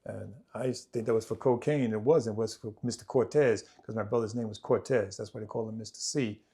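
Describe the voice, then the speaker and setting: A man telling his own life story on a podcast, swinging between loud, animated moments and quiet, low passages, often repeating himself as he goes. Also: fast talker. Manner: vivid, repetitive retelling that acts out family members' voices. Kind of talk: personal storytelling in conversation.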